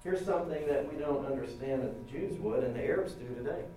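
A middle-aged man preaching a sermon, chatty and animated, acting out the quotes he reads with a wry touch. His voice is mellow and a little high, heard from a distance. It rings in a strongly echoey room over a faint background hum. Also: fast talker. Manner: conversational, animated, acts out quotes with humor. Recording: roomy echo from off-mic, faint ambience.

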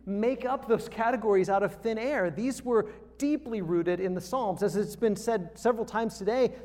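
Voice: mid-range voice, darkish tone, long reverb tail. A conference speaker teaching pastors about preaching, talking emphatically and building points through repeated phrases and rhetorical questions.

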